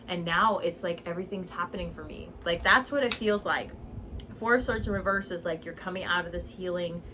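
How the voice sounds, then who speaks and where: A woman giving a casual tarot reading, chatty and loose, often saying "like" and "okay?", with the odd curse and laugh. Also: fairly low pitch. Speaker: tarot reader. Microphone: phone. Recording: phone recording with clear background noise.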